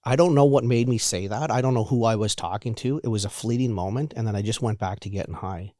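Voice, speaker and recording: A man in his forties telling his own recovery story in a halting, candid way, often repeating words and restarting. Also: on the low side, darkish tone, no room sound, clean studio sound. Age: 40s. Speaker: guest sharing recovery story.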